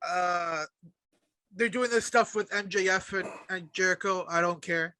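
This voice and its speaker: A man's voice: high voice, unhurried, bright, forceful tone, no echo. A man co-hosting a podcast, ranting heatedly and swearing freely in casual wrestling talk. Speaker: podcast co-host.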